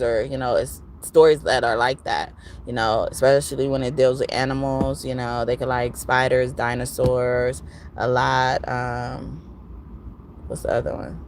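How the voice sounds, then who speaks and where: A woman giving a casual spiritual reading message, chatting in a relaxed way and now and then breaking into song. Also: rumbling low, a little hiss or hum. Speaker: spiritual reader.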